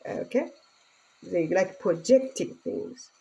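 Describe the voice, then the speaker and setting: Middle-aged woman from Tanzania, earnest casual vlog to phone, mellow husky tone. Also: on the low side, animated, slow pace, rough recording. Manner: earnest, speaking broken English with laughter. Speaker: vlogger.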